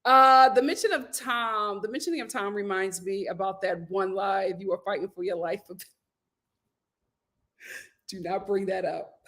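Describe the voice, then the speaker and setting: A woman's voice: medium pitch, a little slow, long pauses, a bit bright. A woman hosting a casual livestream, reading viewer comments aloud and laughing often as she answers them. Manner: laughs often, talks back to chat. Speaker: host reading live chat.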